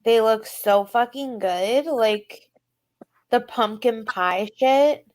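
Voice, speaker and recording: A woman hosting a casual live-stream chat, profane and excitable, laughing often. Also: fairly high pitch, slow pace, poor audio. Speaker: live stream panel host.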